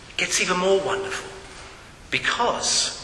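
A man's voice: high voice, big pitch swings, measured pace, sharp tone. A man preaching an earnest sermon, rising into calls and appeals, in a church hall. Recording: echoey hall with long reverb.

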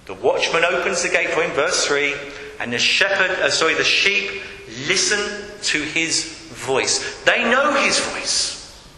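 A man's voice: a little high, lively intonation, unhurried, pushed and bright. A man preaching an earnest sermon, rising into calls and appeals, in a church hall. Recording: echoey hall with long reverb.

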